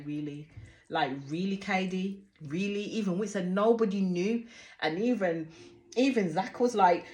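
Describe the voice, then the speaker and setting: Animated, swearing woman reviewing a TV show. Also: fairly low pitch. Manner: animated, swears freely, trails off and restarts. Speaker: reality TV reaction host. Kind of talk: casual video review.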